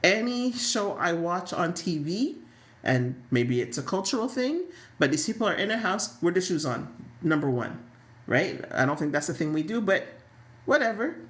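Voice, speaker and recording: A woman co-hosting a casual soap opera recap, telling stories in a lively, sassy way with frequent laughs. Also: lowish voice, normal speed, echoey room. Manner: animated, laughing, sassy storytelling. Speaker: podcast co-host.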